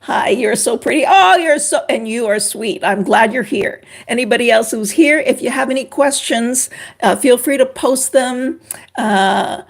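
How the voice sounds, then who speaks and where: Chatty gravelly-voiced older woman. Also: fairly high pitch, unhurried. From Canada. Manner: animated, chatty, greets viewers by name. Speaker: relationship expert on a livestream. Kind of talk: casual livestream chat.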